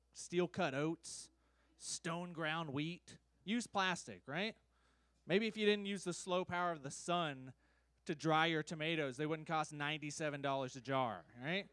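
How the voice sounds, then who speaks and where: A male comedian working through observational stand-up, checking in with the crowd as he goes. His voice is smooth and a touch high, and the sound is close and dry. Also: a bit bright, dry recording. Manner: rambling observational delivery with many "right?" checks. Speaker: comedian contestant. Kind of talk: stand-up set.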